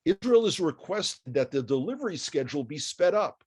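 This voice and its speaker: Wry New York man, higher voice. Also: normal speed, husky. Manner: wry, animated, asides and rhetorical questions. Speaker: commentator. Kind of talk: conversational news commentary.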